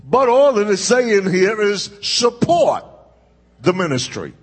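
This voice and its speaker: High, husky-voiced preacher in echoing church. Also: male voice, sing-song. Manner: call-and-response preaching, drawn-out emphatic phrasing. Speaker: pastor. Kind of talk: sermon. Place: church sanctuary. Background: congregation responding.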